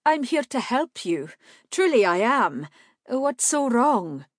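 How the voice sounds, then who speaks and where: A woman voicing a polite, otherworldly male stranger who speaks in a measured way. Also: medium pitch, no echo, studio quality, voice pushed up, close to an everyday voice. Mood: courteous.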